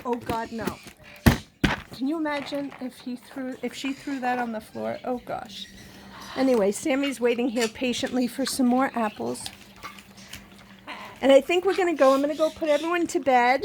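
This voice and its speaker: High-voiced woman cooing to her pets. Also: steady tone, normal speed, a little mellow, slight background noise. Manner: sing-song baby talk to animals, frequent laughs. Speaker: pet vlogger. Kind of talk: cooing pet talk to camera. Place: home, indoors.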